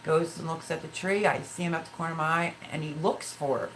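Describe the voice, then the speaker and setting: Over a faint hiss and rough audio, this livestream host in her fifties talks quickly in a steady, somewhat low voice. Chatting casually with viewers, she reads their comments out and drifts into emotional personal stories.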